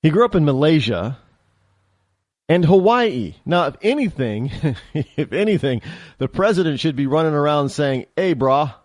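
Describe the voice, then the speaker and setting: A man's voice: on the high side, very animated, moderate pace, a little mellow, no room sound, studio quality. A man hosting his own talk show, delivering a rambling, opinionated monologue with many restarts and fillers.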